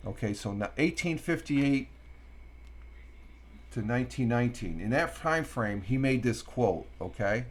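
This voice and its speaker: A middle-aged man from Upstate New York hosting a casual morning live stream, rambling with many fillers and reading quotes out slowly. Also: medium pitch, lively intonation.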